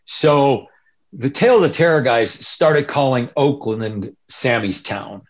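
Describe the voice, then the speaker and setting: A man's voice: mid-range voice, unhurried. A man telling stories in a loose, rambling way, as a guest in an interview. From Northern California. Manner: rambling, loose, animated quoting of others. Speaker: interview guest, punk musician. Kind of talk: casual storytelling.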